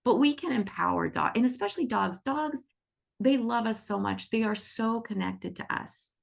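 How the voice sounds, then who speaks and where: A woman teaching animal Reiki on a video call, telling lively stories and acting out the voices of the people in them. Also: on the high side, moderate pace, gravelly. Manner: animated, acts out quoted voices. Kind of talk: casual storytelling in an online class.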